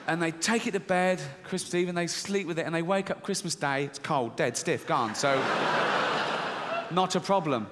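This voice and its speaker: A middle-aged man doing stand-up comedy, deadpan and swearing, acting out squeaky voices in a theater. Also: normal speed, in a large hall, heavy background noise. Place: large theater with audience. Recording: live theater, audience laughter.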